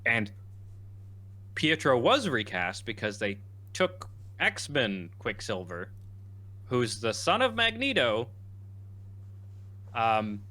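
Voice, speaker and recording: A man co-hosting a podcast, chatting casually and rambling, acting out scenes in animated bursts. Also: medium pitch, takes it slowly, pauses often. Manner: rambling, animated, quotes characters in lively bursts. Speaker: podcast co-host. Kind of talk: casual chat.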